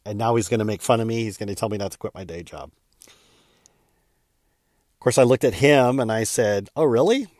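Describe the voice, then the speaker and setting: A man, a real estate agent, telling a heartfelt personal story in an earnest way that speeds up and slows down with emotion. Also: on the low side, darkish tone, no room sound, clean studio sound.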